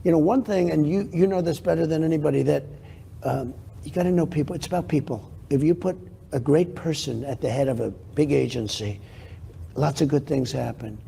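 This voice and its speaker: An older man gives rambling, boastful answers in a television interview, circling back to repeat his own points. His voice is gravelly and very dark, with a slightly higher pitch than most men. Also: fairly quick, a little hiss or hum. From New York. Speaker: interview guest.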